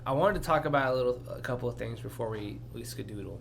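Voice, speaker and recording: A man's voice: medium pitch, quick pace, gravelly. A young man from Arkansas, co-hosting a podcast in casual chat, rambling and swearing as he tells stories. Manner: profane, rambling storyteller. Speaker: podcast co-host.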